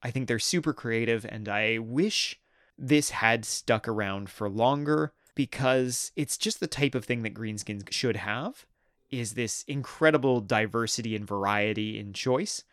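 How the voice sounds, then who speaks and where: Chatty guy hosting a hobby history vid, bright clear voice, upbeat. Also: mid-range voice, measured pace, dry recording, studio quality. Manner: enthusiastic, conversational. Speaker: host. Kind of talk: hobby history video narration.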